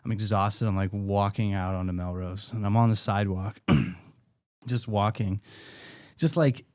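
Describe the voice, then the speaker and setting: A man's voice: lowish voice, fairly even intonation, normal speed, a little mellow, no echo. A young man casually telling a story on a podcast, acting out the quotes and laughing often. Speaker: podcast guest, comedian.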